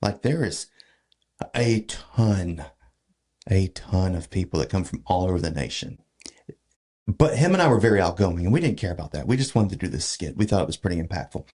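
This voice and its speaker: Low-pitched with a breathy edge, this man speaks at normal speed as a podcast guest from Georgia in the US. In a relaxed chat, he recounts a long story animatedly, filling it with fillers and repeatedly starting over.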